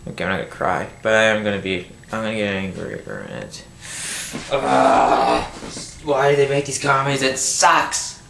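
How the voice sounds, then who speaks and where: In his home, a man delivers an angry movie review rant into a built-in camera mic, and the room echoes noticeably amid a noisy background. His voice is on the low side with vocal fry and big pitch swings, at a moderate pace, as he rambles, swears and starts sentences over.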